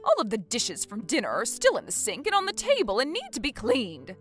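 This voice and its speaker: A woman's voice: fairly high pitch, huge pitch swings, fairly quick, faint music behind. Woman playing a bossy older mother-in-law. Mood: scolding. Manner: nagging, domineering.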